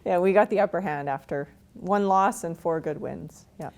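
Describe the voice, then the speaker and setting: Low gravelly-voiced woman, frank interview guest. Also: moderate pace, darkish tone. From Canada. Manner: frank, self-deprecating, laughs often. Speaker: interview guest, retired hockey player. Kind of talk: candid interview storytelling.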